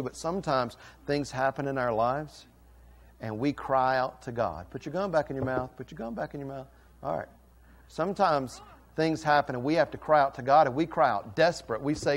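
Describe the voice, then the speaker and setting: A man's voice: mid-range voice, moderate pace. A middle-aged man, a pastor, giving a playful children's sermon and questioning the kids.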